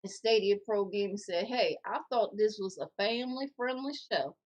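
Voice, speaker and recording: A woman co-hosting a casual podcast, reading viewer comments aloud in a jokey, animated way. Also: medium pitch, normal speed, lo-fi sound.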